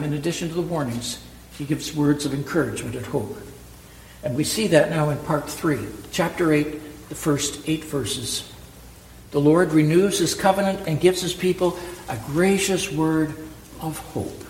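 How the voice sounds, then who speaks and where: Male pastor, fairly high voice, preaching emphatically in a church with long reverb. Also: slight background noise. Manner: emphatic, rhetorical questions, repeats key words. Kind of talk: sermon. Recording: echoey hall with long reverb, faint ambience.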